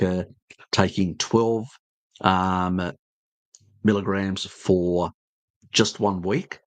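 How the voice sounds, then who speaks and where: With a voice that sits low, this Tasmanian Australian answers his live stream chat, rambling bluntly, cracking jokes, and using lots of filler words. The recording has no room sound.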